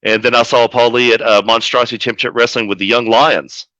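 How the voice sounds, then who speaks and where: Bright-voiced man telling a profane brawl story. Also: mid-range voice, fairly quick, no room sound, muffled recording. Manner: profane, animated storytelling with acted-out quotes. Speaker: wrestling manager guest. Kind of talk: casual storytelling interview.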